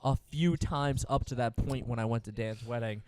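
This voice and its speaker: A man's voice: medium pitch, moderate pace, darkish tone, dry recording. A man with an American accent co-hosting a podcast, asking questions and chiming in casually. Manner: chimes in with questions and reactions. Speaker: podcast co-host. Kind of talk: casual chat.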